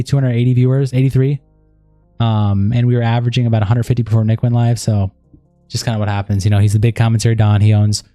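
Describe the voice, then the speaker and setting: A man hosting a casual livestream, chatting with viewers in a loose, profane way, full of fillers and sarcastic, deadpan asides. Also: medium pitch, dry recording. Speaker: livestream commentary host.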